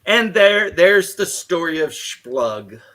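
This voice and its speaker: A man who runs tabletop games, telling a story in relaxed casual chat. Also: high voice, slow. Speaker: game master.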